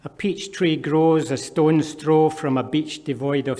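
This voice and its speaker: A man with a Scottish accent reads his own poems aloud at a live event, his voice sitting a little high for a man. He drops dry, wry remarks between pieces, and the sound rings with the long reverb of a hall. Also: fairly even intonation, a little slow, dark tone. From Scotland. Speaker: poet. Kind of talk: poetry reading. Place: performance venue with long reverb.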